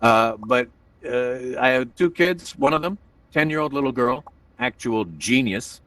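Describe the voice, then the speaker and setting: Male stand-up host, middling pitch, rambling and self-mocking, dry sound slightly off-mic. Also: unhurried, a bit bright, no echo, distant mic. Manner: rambling, self-deprecating, full of filler asides. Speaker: comedy show host. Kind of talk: stand-up comedy. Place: virtual reality room.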